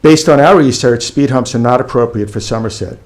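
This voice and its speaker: A man's voice: mid-range voice, brisk. A man, a local resident, reading a firm, factual prepared statement during public comment at a village board meeting.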